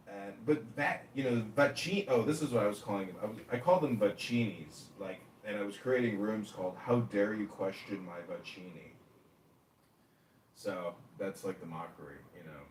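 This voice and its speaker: A man's voice: low-pitched, normal speed. A man hosting a livestream chat as a mayoral candidate, talking in a crude, rambling, mocking way. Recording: echoey room, distant mic, faint noise.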